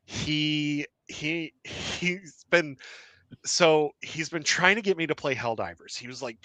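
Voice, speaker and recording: A man's voice: on the high side, slow pace, sharp tone, no room sound. A young man chatting casually as a podcast co-host, rambling with lots of fillers and frequent laughter. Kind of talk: casual chat.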